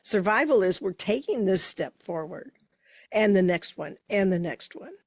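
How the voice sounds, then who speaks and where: A woman co-hosting a motivational podcast, speaking in a measured, reflective way as she builds her points. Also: medium pitch, expressive, no echo, clean studio sound. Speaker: podcast co-host. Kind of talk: casual motivational chat.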